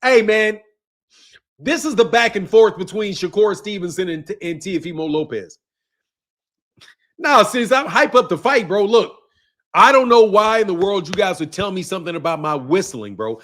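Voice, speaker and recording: A man's voice: high-pitched, lively intonation, moderate pace, a bit bright. A man hosting a casual boxing livestream, ranting profanely, laughing and tacking "bro" onto his lines.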